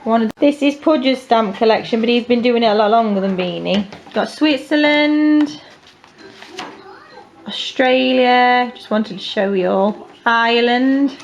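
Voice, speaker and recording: A woman's voice: on the high side, measured pace, creaky, lo-fi sound. A woman, a homeschooling mother chatting patiently with her children at a table at home. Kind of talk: casual family chat.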